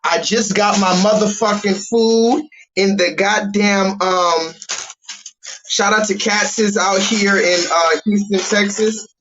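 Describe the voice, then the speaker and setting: A man hosting a livestream, ranting loudly and bluntly with lots of profanity while talking to his chat. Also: sits high, steady tone, slow pace, slight background noise. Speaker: livestream host. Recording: dull lo-fi stream audio.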